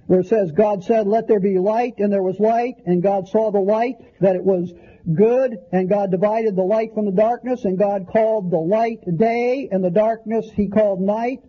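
A man's voice: sits high, husky, lo-fi sound. A man preaching a conversational Bible-teaching sermon, often restarting phrases as he works through verses.

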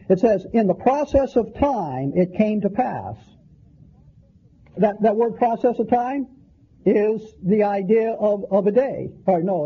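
A man's voice: high voice, breathy edge, highs cut off. A man preaching a conversational Bible-teaching sermon, often restarting phrases as he works through verses.

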